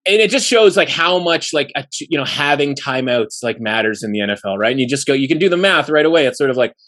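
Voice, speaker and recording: A man's voice: mid-range voice, expressive, fast, fairly bright tone. A man co-hosting a sports betting podcast, talking in a loose, rambling way and leaning on fillers like "you know" and "like". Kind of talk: casual podcast chat.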